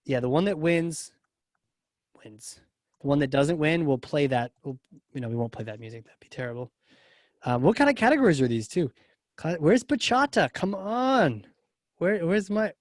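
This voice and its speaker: A man hosts a webinar with a slightly high voice, cracking jokes as he runs an audience poll. His sound is dry and close to the mic. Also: dry recording. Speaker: webinar host. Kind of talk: casual webinar hosting.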